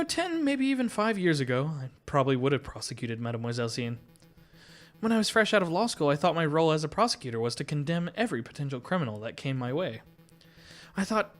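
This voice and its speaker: Man voicing a suave fox investigator. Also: on the high side.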